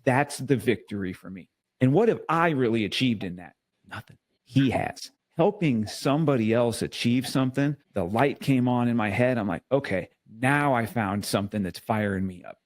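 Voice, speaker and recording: A man's voice: mid-range voice, a little mellow, dry recording, clean studio sound. A man talking earnestly in a casual faith podcast conversation, restarting and repeating words as he tells a story.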